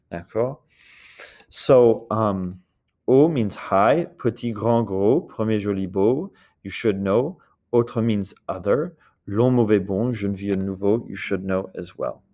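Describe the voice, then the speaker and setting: A man with a low, dark voice teaches a French grammar lesson casually. He frequently checks in with "d'accord?" and models the words slowly.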